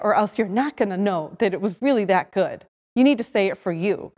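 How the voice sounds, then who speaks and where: A woman hosting a podcast, telling her own story in a lively way, acting out her own voice in quotes and often saying "like". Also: mid-range voice, brisk, in a large hall. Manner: animated, acts out her own voice in quotes, frequent "like". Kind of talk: personal storytelling.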